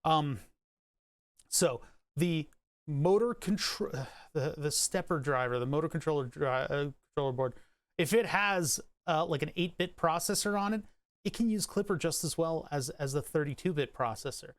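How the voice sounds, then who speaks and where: A man's voice: fairly high pitch, lively intonation, normal speed, no echo. A man streaming live, rambling about electronics in casual, profane chat with frequent restarts and hiccups. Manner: rambling, profane, self-interrupting.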